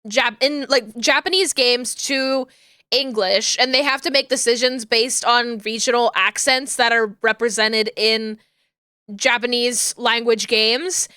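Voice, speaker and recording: A woman's voice: on the high side, fairly even intonation, a little slow, pushed and bright, smooth, dry recording, studio quality. A woman streamer chatting casually with viewers, rambling along with lots of fillers and restarts.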